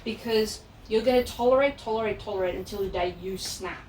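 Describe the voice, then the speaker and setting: An Australian woman working as a dog trainer, chatting casually with a client and acting out lively anecdotes. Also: medium pitch, a little fast. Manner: animated storyteller, acts out voices in anecdotes. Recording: roomy echo, distant mic, background noise.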